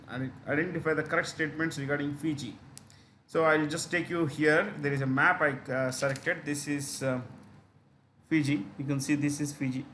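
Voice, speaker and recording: Indian man teaching in a fairly high voice. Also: a bit bright, slight background noise. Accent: Indian English. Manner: explanatory, many fillers, repeats key terms. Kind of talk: exam-prep lecture.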